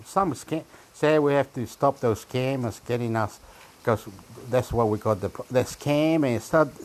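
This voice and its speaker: A man in casual rambling commentary, reading web pages aloud, halting and repeating words and breaking into exclamations. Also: mid-range voice, darkish tone. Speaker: vlogger reading websites aloud.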